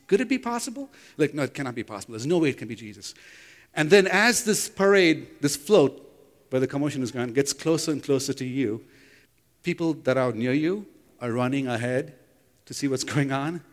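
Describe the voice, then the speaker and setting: A man preaching a sermon in a church, telling an imagined story and putting questions to the congregation as he goes. His voice sits at an ordinary middle pitch and rings out with a long hall reverb. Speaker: pastor. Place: church sanctuary.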